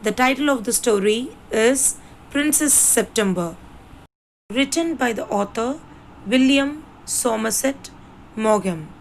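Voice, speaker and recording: A woman presenter reading a scripted lesson introduction in a clear, measured way. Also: on the high side, animated, a little hiss or hum, rough recording.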